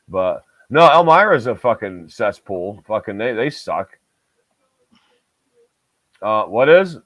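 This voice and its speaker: A man with a fairly low voice, from the Southern Tier of New York, co-hosts a podcast in a profane, rambling, filler-heavy casual chat. The recording is dry, dull, and lo-fi.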